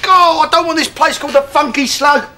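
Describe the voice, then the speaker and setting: A man playing a bombastic middle-aged pub landlord in a sitcom, blustering and shouting. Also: extremely high pitch, brisk, heavy background noise. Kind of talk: sitcom acting.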